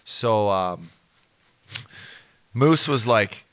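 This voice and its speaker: Podcast co-host, man in his thirties, lively pitch, bright tone, laid-back storyteller. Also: extremely slow, dry recording. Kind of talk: casual chat.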